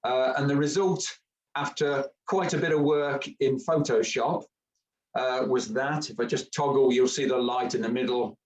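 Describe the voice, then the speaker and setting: A man's voice: mid-range voice, fairly even intonation, moderate pace, distant mic, low-quality recording. A man giving a chatty, joking camera club talk with many fillers.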